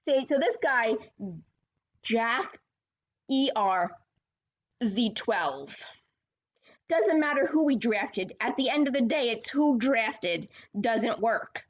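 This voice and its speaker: High-voiced lady ranting about football, swoops all over, swears a lot, kinda dull lo-fi sound. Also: lively intonation, slow pace, long pauses. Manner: combative, profane, sarcastic. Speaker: podcast host. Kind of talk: ranting sports podcast.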